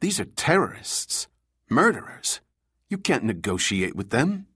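A man's voice: fairly low pitch, moderate pace, fairly bright tone, no echo, clean studio sound. A male narrator voicing a hot-tempered mercenary captain who talks bluntly and defiantly. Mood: scoffing.

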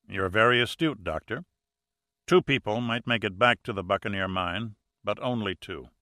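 A calm, wry male diver , read by a man narrator, speaks with dry understatement. The voice sits low yet bright and forceful. The recording is close and dry, like an audiobook. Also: moderate pace, no room sound. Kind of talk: audiobook character reading.

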